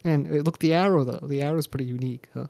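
A young man with a gravelly voice and a mellow, dark tone chats about wrestling in a laid-back way. He laughs often and swears freely. The mic is close and dry. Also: a little high, quick pace, no echo. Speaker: podcast co-host. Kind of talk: casual wrestling chat.

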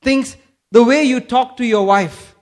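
Man from kerala, very high voice, animated sermon, rhetorical questions. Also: measured pace. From Kerala, India. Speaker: pastor.

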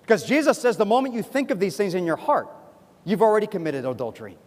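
A man preaching a sermon as pastor, animated and acting out other people's voices. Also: high voice, quick pace. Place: church sanctuary. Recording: long hall reverb from a church.

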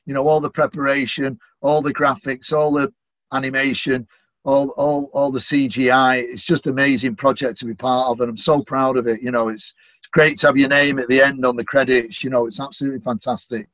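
A man's voice: medium pitch, flat delivery, a little fast, a bit bright, dry recording, lo-fi sound. A middle-aged man from Manchester with a Mancunian accent, chatting casually in an interview and dropping in plenty of "you know" fillers. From Manchester, England. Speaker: stadium announcer, podcast guest.

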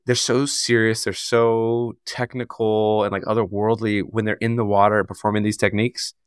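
A man's voice: fairly low pitch, level tone, moderate pace, smooth, no room sound, clean studio sound. A man co-hosting a podcast in casual chat, talking in a chatty, filler-heavy way and poking fun at himself. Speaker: podcast co-host.

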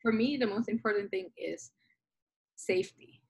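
A woman's voice: medium pitch, moderate pace, creaky, husky, rough recording. A woman who works with clients on relationships, chatting casually and saying "like" a lot. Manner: relaxed, lots of "like" fillers. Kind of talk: casual podcast chat.

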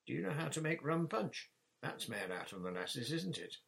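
A man voicing an eager, imaginative little girl who plays at being a sailor, in a high excited voice. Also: moderate pace, vocal fry, slightly rough, exaggerated voice. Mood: curious.

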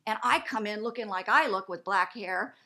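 Animated woman telling a story. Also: moderate pace. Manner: lively, acts out quoted voices with big pitch jumps. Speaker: guest.

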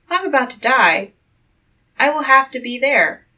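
A woman's voice: high-pitched, animated, normal speed, bright, forceful tone, recorded from a distance, pitched above the performer's own voice, full character voice, poor audio. A woman reading a storybook aloud and voicing a fearless, cheerful young man who cannot learn to shudder, in a bold and breezy manner. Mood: defiant.

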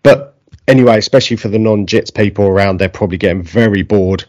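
A man with an Essex accent hosting a casual interview, chatty and relaxed with plenty of fillers. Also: lowish voice, fast talker, dry recording. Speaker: podcast host.

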